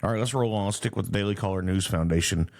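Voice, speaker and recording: A man's voice: on the low side, quick pace, darkish tone. A man hosting a solo podcast, reading news headlines aloud and commenting on them indignantly, with frequent fillers and restarts. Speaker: podcast host.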